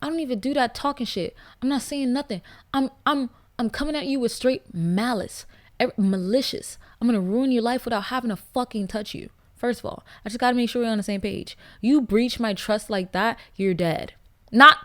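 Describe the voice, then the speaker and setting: A woman hosting a casual podcast, blunt and profane, getting animated with loud laughing outbursts. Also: a little high. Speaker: podcast host. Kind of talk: casual podcast chat, reading listener stories.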